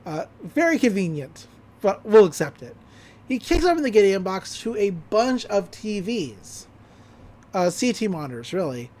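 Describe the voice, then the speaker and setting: A woman hosting a podcast, casually recapping a cartoon episode with quick bits of character voices. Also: mid-range voice. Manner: animated retelling with quick character voices and laughs. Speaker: podcast host.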